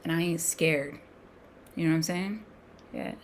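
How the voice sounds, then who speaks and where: A woman with a gravelly, fry-edged voice sitting a little low for her sex talks through her trades in a loose, slangy way. She coaches her viewers with emphatic repetition and now and then drops to a near whisper, with faint noise behind her. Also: measured pace. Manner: slangy, thinks aloud, sometimes drops to a whisper. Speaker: day trader streaming a trading session. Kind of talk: casual talk-along while trading.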